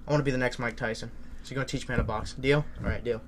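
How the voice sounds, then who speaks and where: A young man co-hosting a casual podcast, excitable and loud at times, swearing freely. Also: mid-range voice, rapid-fire, slight background noise. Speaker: podcast co-host. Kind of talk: casual chat.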